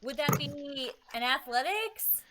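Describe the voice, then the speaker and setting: A woman's voice: high voice, lively intonation, slow, background noise. A woman playing a tabletop game in a playful, eager way. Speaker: player.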